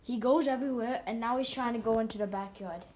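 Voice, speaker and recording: A woman's voice: on the high side, quick pace, darkish tone. A woman chatting casually while filming her cat at home, doting and rambling with fillers and restarts. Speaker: pet vlogger. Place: at home near a backyard. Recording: roomy, distant mic, noisy background.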